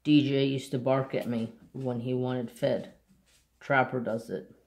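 A man talking casually to his channel viewers in slow, unhurried speech. His voice has a gravelly, creaky texture at a middle pitch. He rambles loosely from one thought to the next. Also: flat delivery. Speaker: crafts channel host. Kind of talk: casual chat.

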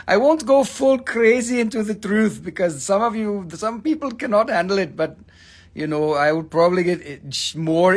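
Profane joking man hosting a live sale. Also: high-pitched. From Appalachian Valley, USA. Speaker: host of a live rock and mineral sales stream. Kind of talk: casual live-stream chat.

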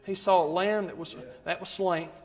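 Male preacher, high voice, rhythmic repeated refrains, long church reverb. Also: steady tone, moderate pace, darkish tone. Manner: rhythmic, repetitive preaching with rising emphasis. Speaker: guest preacher. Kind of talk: sermon. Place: church sanctuary.

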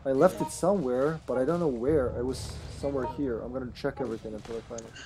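A man's voice: mid-range voice, music in the background. A man streaming a survival horror game online, chatting casually and animatedly while he plays, with some swearing. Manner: animated, swears, puts on quick voices. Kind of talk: casual gaming chat.

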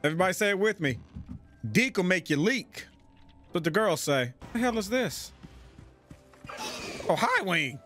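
Male let's play host, high bright voice, cusses and hollers at his friends. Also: lively intonation, normal speed, pauses often, faint music behind. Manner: loud, profane, frequent shouting and laughter. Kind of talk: casual gaming commentary.

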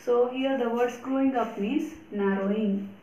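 A woman with a slightly high voice works through grammar exercises as a teacher, spelling out and repeating each answer with careful emphasis. The recording has a roomy echo around her. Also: warm tone, slight background noise. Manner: slow, deliberate explanations with repetition. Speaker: English teacher. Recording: echoey room.

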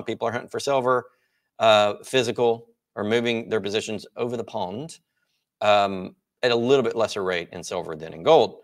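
A man hosting a market report, explaining charts in a casual, explanatory way. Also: lowish voice. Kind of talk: financial market commentary.

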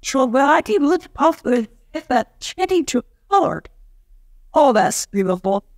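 A woman's voice: sits high, big pitch swings, a little slow, slight background noise. A woman in the audience answering in a giggly, rambling way. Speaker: audience member. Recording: room full of audience voices.

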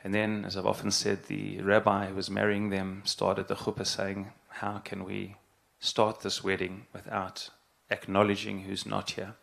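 A middle-aged man, a rabbi, giving an earnest, halting spoken address and repeating phrases for emphasis. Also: on the low side, completely flat delivery, gravelly, fairly bright tone.

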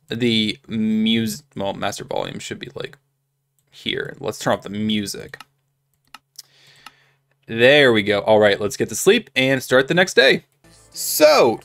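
A man's voice: mid-range voice, a bit bright. A man casually commentating his own gameplay as a channel host, rambling and chatty, with lots of filler words and restarts. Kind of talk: casual let's-play commentary.

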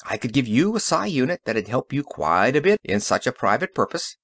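A man voicing a calm, confident inventor in an audiobook, speaking briskly and matter-of-factly. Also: medium pitch, dry recording, clean studio sound. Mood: assured. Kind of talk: audiobook character reading.

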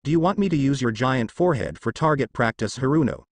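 A man's voice: mid-range voice, lively intonation, quick pace, no room sound. A man voicing a cocky, cold young male ninja who mocks and threatens in a taunting manner. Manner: taunting and mocking.

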